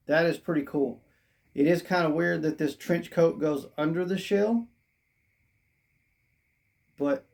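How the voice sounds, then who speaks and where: A hoarse toy reviewer who says they are losing their voice, narrating an unboxing in a chatty, rambling way and thinking out loud. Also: mid-range voice.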